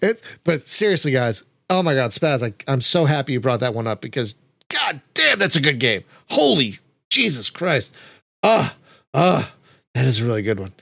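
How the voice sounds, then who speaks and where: A man's voice: mid-range voice, big pitch swings, normal speed, creaky, fairly bright tone, no room sound. A man hosting a casual podcast chat, gushing with frequent exclamations. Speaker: podcast host.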